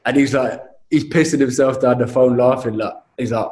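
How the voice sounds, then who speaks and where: Young man, lively storyteller, casual chat, echoey room. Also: medium pitch, a little fast. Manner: animated storytelling, says mate a lot. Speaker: guest telling a story.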